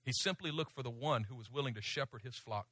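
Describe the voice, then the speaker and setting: A middle-aged man preaching a sermon in a storytelling way, swinging from loud pleading to hushed, low speech. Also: quick pace, breathy edge, no echo.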